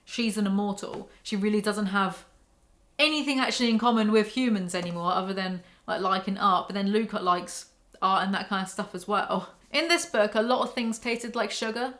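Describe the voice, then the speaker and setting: A woman's voice: medium pitch, normal speed, a bit bright. Candid woman ranting about books. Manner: candid, ranting, swears freely. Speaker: book reviewer. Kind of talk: casual spoken book review.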